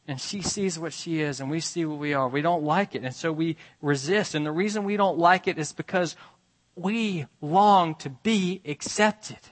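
A man's voice: on the high side, a bit bright. A man preaching a sermon, emphatic and repetitive, pressing his listeners with rhetorical questions.

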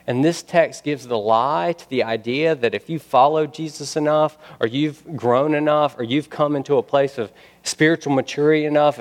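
A man preaching a sermon in a mid-pitched voice. He builds to loud, emphatic runs, then drops low and quiet to press a point home. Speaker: pastor.

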